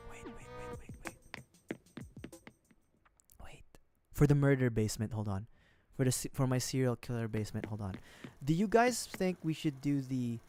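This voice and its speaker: A man chatting his way through a cozy game on a livestream, rambling, joking and laughing at himself as he talks to his chat. His voice sits at an ordinary middle pitch, with faint game music playing behind him. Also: darkish tone. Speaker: streamer. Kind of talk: casual gaming livestream chat.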